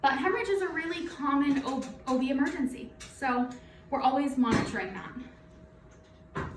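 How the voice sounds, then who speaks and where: A night nurse teaches a nursing simulation in a chatty, informal way full of fillers, a little out of breath as she talks through a face mask. Her voice is high-pitched. The mic is at a distance, giving roomy echo and slight background noise.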